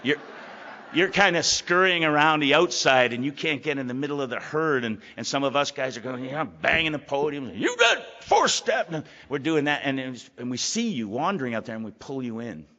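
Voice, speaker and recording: Brisk and sharp-toned, a middle-aged man with a mid-range voice gives an open, meandering personal talk at a recovery meeting, repeating his words a lot. The recording, made in a meeting hall, is lo-fi.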